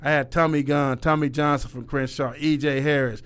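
A middle-aged man, a youth basketball coach, telling stories in casual conversation, profane and animated, acting out the voices of the people he quotes. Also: fairly high pitch, moderate pace, clean tone.

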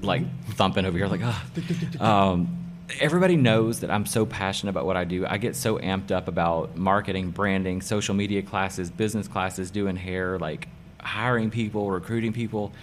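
A middle-aged man with a very low voice talks about his work as a hairdresser in a casual interview. He is emphatic and excited, repeating key phrases for effect. A faint hum of background noise sits under him. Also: moderate pace, hardly any pauses. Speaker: hairdresser and salon owner, guest.

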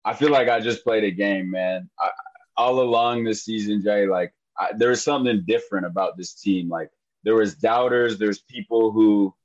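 A man's voice: on the low side, muffled recording. A man co-hosting a casual sports podcast, emotional and rambling, often repeating himself. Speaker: podcast co-host.

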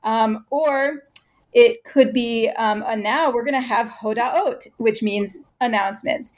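A woman answering interview questions at length, explaining patiently and turning lively when she imitates chants. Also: a little high, slow. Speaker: guest expert.

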